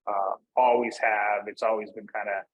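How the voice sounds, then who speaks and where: A man from Northeast Pennsylvania talks as a guest in a relaxed interview. His voice is a little husky, and his sentences wander and restart, padded with fillers. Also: lowish voice, normal speed, rough recording. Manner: rambling, many fillers and restarts. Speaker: podcast guest. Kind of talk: casual interview chat.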